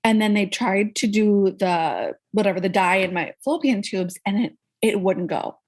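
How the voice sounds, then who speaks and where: Woman chatting on a podcast, kinda husky, tells it all animated with little voices for people. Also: moderate pace. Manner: animated, acts out quoted people with pitch jumps. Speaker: podcast guest. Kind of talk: casual conversational storytelling.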